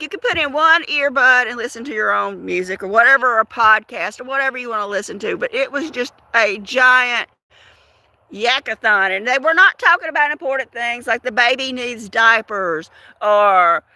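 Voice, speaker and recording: A woman chatting on a livestream, telling a story to viewers in an animated, talkative way. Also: fairly high pitch. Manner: chatty, animated, repeats words for effect. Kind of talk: casual livestream chat, storytelling.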